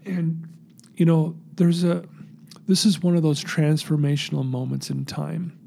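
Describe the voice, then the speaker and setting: Man, gravelly, husky, mellow tone, earnest storytelling. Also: fairly high pitch, unhurried, slight background noise. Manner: earnest, animated storyteller acting out quotes. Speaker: guest telling his recovery story. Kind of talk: personal storytelling interview.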